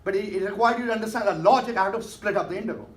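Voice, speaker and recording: A man's high voice comes out rapid-fire as he lectures a math class, coaxing the students and frequently checking that they understand through questions. Recorded from far away in an echoey room, the audio has a faint hiss.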